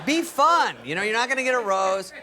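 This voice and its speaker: A man's voice: high-pitched, racing, over a noisy crowd, very noisy. A middle-aged man, a talk show guest, telling a comic story in a wry, mocking way and acting out the voices of the people in it.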